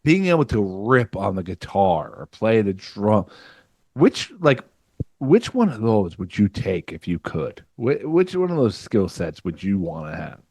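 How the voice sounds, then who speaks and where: Low-ish guy cracking jokes on his podcast, dry close sound, loose and crude. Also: very animated, measured pace, a little mellow, dry recording. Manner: loose, joking, crude humor. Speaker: podcast host. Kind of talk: casual chat.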